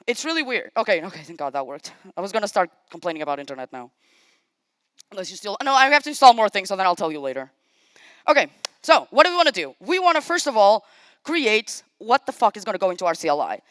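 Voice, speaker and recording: A woman giving a live-coding talk at a conference. She is chatty and casual, makes self-deprecating asides, thinks out loud as she types, and speaks directly to the audience. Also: mid-range voice, smooth, no room sound. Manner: thinks aloud while typing, talks to the audience. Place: conference stage.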